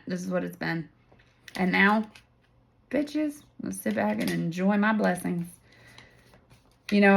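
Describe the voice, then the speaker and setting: A woman talks straight to the camera in a casual tarot-reading vlog. She is blunt and swears freely, laughing often as she goes. Her voice jumps between loud, excited bursts and quiet, hushed asides. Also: mid-range voice. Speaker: tarot reader and channel host.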